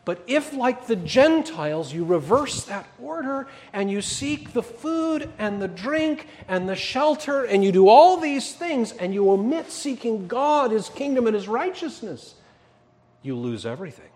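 Animated preacher with a lively voice. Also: male voice, extremely high pitch, a little slow. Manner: emphatic preaching, drops to quiet asides. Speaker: pastor. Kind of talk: sermon.

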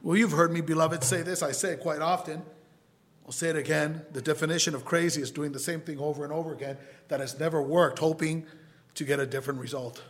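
A man preaching a sermon as pastor, pleading with his listeners and swinging between loud appeals and quiet asides. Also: fairly high pitch, fairly even intonation, fast. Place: church sanctuary.

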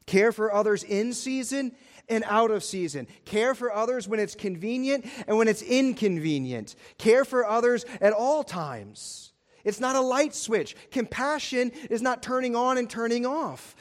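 High-voiced pastor preaching emphatically. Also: male voice, lively intonation, unhurried. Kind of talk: sermon.

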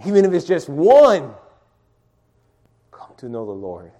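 A man's voice: on the high side, wildly swooping pitch, unhurried, dark tone. A middle-aged man leading an informal sermon and Bible study, calling on listeners to read verses aloud and talking with many restarts.

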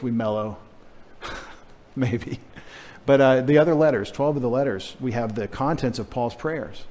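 A male pastor with a medium-pitched, somewhat dark voice preaches a sermon in a church sanctuary. His delivery is conversational and emphatic, sprinkled with wry, humorous asides. The recording carries a long hall reverb.

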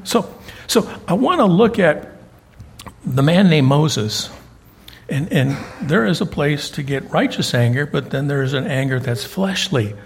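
A man's voice: a little high, creaky, slight background noise. An older man preaching a sermon as pastor, telling folksy stories and often repeating words as he goes.

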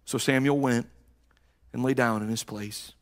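Guy preaching a sermon, acts out the story, gets loud then real quiet, repeats himself. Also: medium pitch, steady tone, a little slow. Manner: dramatic storytelling, voices quoted characters, swings loud to hushed; repeats words and restarts.

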